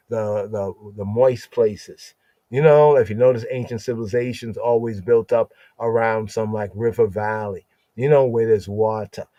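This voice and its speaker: A man's voice: on the low side, warm tone, dry recording, dull audio. A man hosting a podcast, teaching scripture with emphatic repetition, using Hebrew words and asking "right?" again and again. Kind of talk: scripture study talk.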